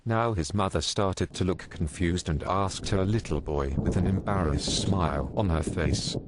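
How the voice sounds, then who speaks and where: A man telling crude jokes as a narrator, in a deadpan storytelling manner with teasing rhetorical questions. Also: low voice, measured pace. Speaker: joke narrator. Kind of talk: scripted joke storytelling. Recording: noisy background hiss.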